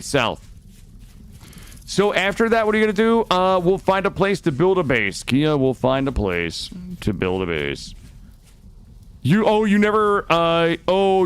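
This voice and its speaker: A young man streaming a game, chatting casually with viewers, swearing often and swinging between loud remarks and muttering. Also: mid-range voice, clean tone. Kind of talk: casual gameplay chat with viewers. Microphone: studio microphone.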